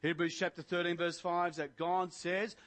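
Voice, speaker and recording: Man preaching a sermon, extremely high voice, bright and forceful tone, impassioned. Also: little pitch movement, normal speed. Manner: impassioned, rising to emphatic proclamations.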